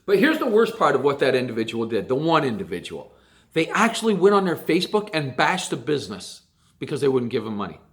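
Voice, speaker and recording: A racing vlogger launches into a long, emphatic rant to his viewers about dirt track racing, repeating phrases to drive his points home. His voice is medium in pitch, sing-song, and quick.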